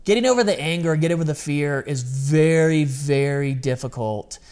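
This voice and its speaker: A man's voice: a little high, darkish tone. Earnest man, candid podcast talk. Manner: earnest, confessional, quick bursts of speech. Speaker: podcast co-host.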